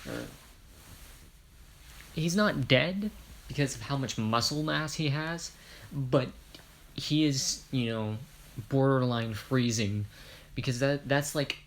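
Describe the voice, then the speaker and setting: A man's voice: mid-range voice, slow pace, pauses often. A man from Ireland casually retelling a fan story, rambling with self-corrections and jokey asides.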